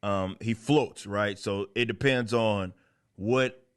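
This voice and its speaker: A man's voice: fairly low pitch, takes it slowly, smooth. A man hosting a comic book commentary channel, talking in a blunt, profane, sarcastic way and rambling through self-corrections. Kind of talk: casual ranting commentary.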